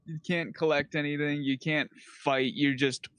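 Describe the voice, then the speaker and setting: Slightly high-voiced guy joking around on a podcast, dry sound. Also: fairly even intonation, normal speed, a bit bright, smooth, no room sound. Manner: joking, laughs often. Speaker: podcast co-host. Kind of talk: casual chat.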